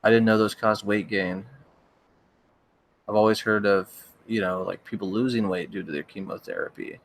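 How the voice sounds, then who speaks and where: A young man, a horror story narrator, chatting casually on a livestream, rambling and hesitant, his voice cracking and needing throat-clearing now and then. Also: fairly low pitch, steady tone, moderate pace. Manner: rambling, hesitant, with many restarts and fillers.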